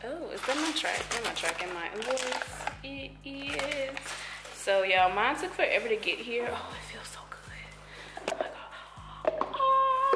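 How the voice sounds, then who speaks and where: A woman's voice: medium pitch, gravelly. Gushing woman vlogger in an echoey room. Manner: excited, gushing, talks straight to viewers. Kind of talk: casual vlog chat. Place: at home.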